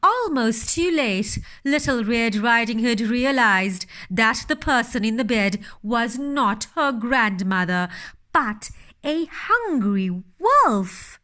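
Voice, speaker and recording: Slow gentle woman reading a fairytale. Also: a little high, animated. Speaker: storyteller. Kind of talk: storybook reading.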